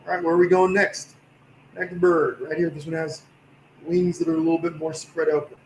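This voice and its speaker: Male painting instructor, slightly raised pitch, tired voice, encouraging, roomy live-stream sound. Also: brisk, a little hiss or hum. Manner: relaxed, encouraging, talks while working. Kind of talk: livestream painting tutorial.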